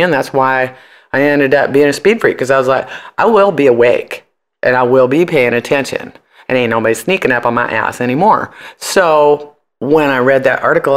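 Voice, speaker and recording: A man's voice: mid-range voice, a bit bright, clear, resonant tone. A man in his forties, an interview guest, telling stories in a blunt, profane way and mimicking the people he quotes. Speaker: interview guest, punk musician and comedian. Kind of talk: casual interview storytelling.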